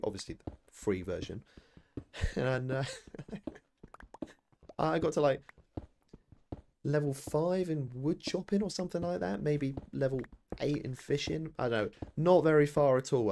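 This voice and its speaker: A man's voice: mid-range voice, a little mellow, a little hiss or hum. A British man in his thirties chatting casually to viewers during a live game stream, rambling and self-deprecating. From Britain.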